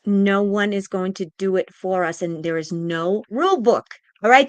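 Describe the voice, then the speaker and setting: A woman's voice: mid-range voice, moderate pace, few pauses, dry recording. A woman psychic giving an impassioned spiritual pep talk, emphatic and repetitive, audibly emotional and close to tears. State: tearful, emotional.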